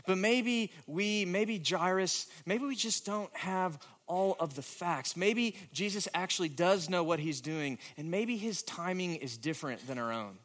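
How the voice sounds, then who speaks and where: A male pastor delivering a sermon in a slightly raised voice. He swings between hushed, near-whispered passages and emphatic questions, building intensity as he makes his points. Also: high-pitched, unhurried, hardly any pauses. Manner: dramatic, shifting from hushed to emphatic.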